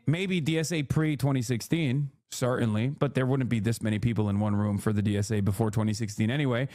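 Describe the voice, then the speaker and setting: A man's voice: mid-range voice, a little fast, darkish tone. A man hosting a casual livestream, reacting to clips with profane, heated, mocking rants. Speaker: streamer host.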